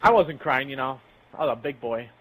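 A man's voice: medium pitch, animated, a little fast, husky, poor audio. A young man casually telling a rambling, profane story while playing a game with friends. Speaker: channel host.

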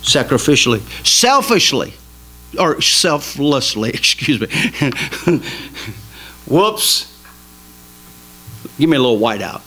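A man preaching a sermon in a small church, emphatic and folksy, swinging between loud exhortation and quiet asides. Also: mid-range voice, expressive, slow, pauses often, breathy edge, poor audio. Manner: folksy, jokes with the congregation. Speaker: pastor.

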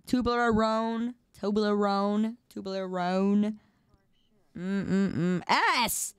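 A woman's voice: medium pitch, clean tone, dry recording, studio quality. A woman streamer chatting playfully with her viewers, repeating words in a sing-song drawl. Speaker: livestreamer. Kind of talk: casual live-stream chat.

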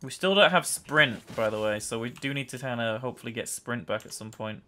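Excitable young man narrating his gameplay. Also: medium pitch, fairly quick, a little hiss or hum. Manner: chatty, excitable, often laughing and yelling at the game. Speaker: gameplay commentator. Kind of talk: casual let's-play commentary.

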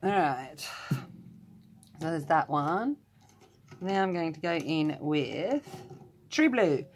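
An Australian woman with a low voice talks through her colouring in a relaxed, chatty way. She drifts into rambling side stories and pokes fun at herself. It sounds like a room at home. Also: takes it slowly. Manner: chatty, rambling asides, self-deprecating. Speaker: colouring channel host. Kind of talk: casual tutorial chat while colouring. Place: room at home with the door closed.

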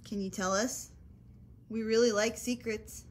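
A woman paranormal investigator calmly and persistently asking questions of spirits during a ghost hunt. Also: a little high, measured pace. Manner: calm, coaxing, persistent questions.

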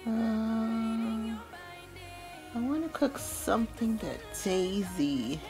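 A woman's voice: fairly high pitch, drawn-out words, music in the background. A woman hosting a gameplay video, chatting playfully and casually with slangy asides. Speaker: let's play host.

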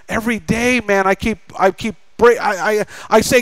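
High-voiced preaching American man. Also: normal speed, few pauses, clean tone, dry recording, rough recording. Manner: animated preaching, acting out quoted voices. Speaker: pastor. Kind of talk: sermon.

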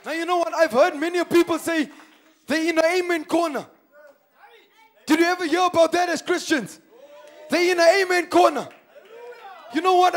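High-voiced man preaching with fervor. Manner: impassioned, swings between hushed and shouted; calls to the congregation with repeated questions. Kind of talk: sermon. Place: church.

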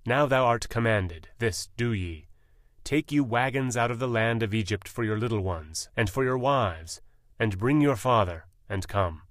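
A man reading the lines of a generous ancient king in a measured, commanding delivery. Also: mid-range voice, no room sound, clean studio sound, close to an everyday voice.

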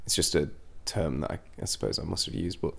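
A man's voice: rumbling low, fast talker, gravelly, fairly bright tone, slightly rough. A man, a band's singer, chatting candidly in an interview, often restarting his sentences. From England. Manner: rambling, self-interrupting, candid. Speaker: band singer, interview guest. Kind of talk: casual interview chat.

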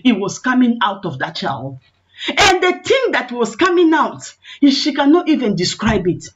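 Woman preacher, high voice swinging all over, muffled online call sound. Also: very animated, moderate pace, a little hiss or hum. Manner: impassioned, repetitive, rising to shouts in prayer. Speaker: evangelist preacher. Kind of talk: sermon testimony, storytelling with acted quotes.

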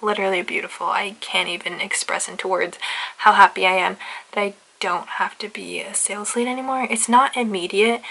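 A woman's voice: mid-range voice, a bit bright, poor audio. A young woman in her twenties talking casually to her camera, chatty and gushing, drawing out words for emphasis. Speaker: vlogger. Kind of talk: casual vlog talk to camera. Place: inside a parked car and at home.

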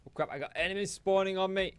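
A man's voice: high voice, fast talker, a little hiss or hum. A man hosting a co-op gameplay video, teasing his wife in casual banter. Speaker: let's play host. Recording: game music in the background.

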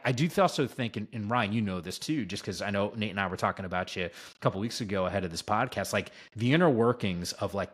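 A man, a sports broadcaster, tells stories as a podcast guest in an enthusiastic, rambling way, full of "like" and "right?". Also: fairly low pitch. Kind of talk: casual podcast storytelling.

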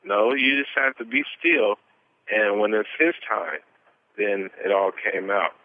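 A man giving an earnest, animated testimony as an interview guest, telling his story at length. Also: lowish voice, a little slow. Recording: tinny phone line.

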